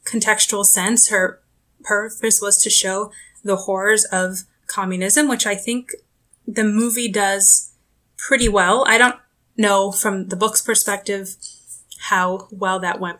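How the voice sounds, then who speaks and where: A woman co-hosting a casual book podcast, explaining things in a brisk, plain way. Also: mid-range voice, fairly even intonation, fairly bright tone. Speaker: podcast co-host. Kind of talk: casual book review chat.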